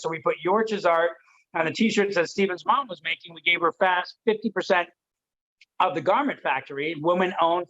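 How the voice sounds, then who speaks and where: A man from Detroit, a podcast guest telling a story in a lively way and acting out the voices of people he quotes. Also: high-pitched, highs cut off. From Detroit, USA. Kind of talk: animated storytelling.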